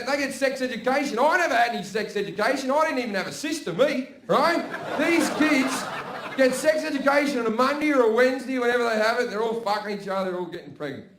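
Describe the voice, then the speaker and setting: A man with an Australian accent performing profane stand-up comedy, swinging between loud bursts and low mutters, in a theater. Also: fast talker, a little hiss or hum. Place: theater with a balcony, live audience. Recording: roomy live stage recording with audience laughter.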